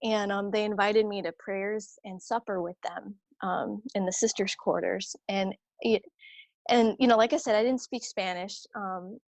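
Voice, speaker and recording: A religious sister telling a personal story in a conversation, animated and chatty, acting out what others said. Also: female voice, medium pitch, normal speed, dry recording. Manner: animated, acts out quoted voices; chatty, many fillers and restarts.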